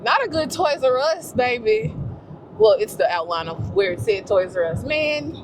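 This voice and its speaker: A woman's voice: on the high side, big pitch swings, normal speed. Woman vlogging while driving, chatty and self-talking, road noise under her. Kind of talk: casual vlog chat. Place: in a car, driving.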